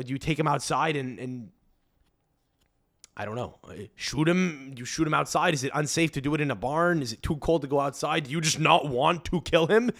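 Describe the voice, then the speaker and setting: A man hosting a podcast, ranting in a profane, incredulous comedic monologue. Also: on the high side. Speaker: podcast host.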